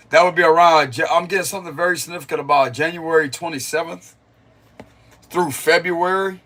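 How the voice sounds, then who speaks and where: A man's voice: fairly high pitch, fairly bright tone. A young man giving a casual, rambling spiritual reading on a livestream and chatting loosely with his viewers, laughing often as he goes.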